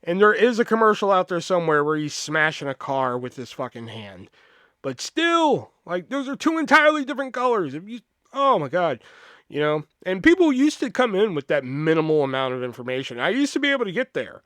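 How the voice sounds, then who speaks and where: A man's voice: sits high, fairly quick, no echo, studio quality. A man in his thirties hosting a podcast, telling rambling comedic anecdotes with a lot of swearing. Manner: animated, profane, rambling anecdotes. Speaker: podcast host. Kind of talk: comedic storytelling.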